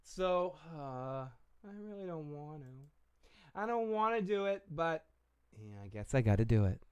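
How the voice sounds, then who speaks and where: A man's voice: on the high side, very animated, a little slow, clear, resonant tone. A man hosting a casual live-stream podcast, rambling and joking with viewers while drinking, swearing freely. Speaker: podcast host.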